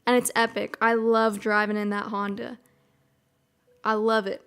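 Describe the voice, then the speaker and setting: A woman's voice: a little high, level tone, unhurried, a bit bright, smooth. A young woman streaming and chatting casually with viewers, bubbly and rambling, often giggling. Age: young adult. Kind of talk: casual chat.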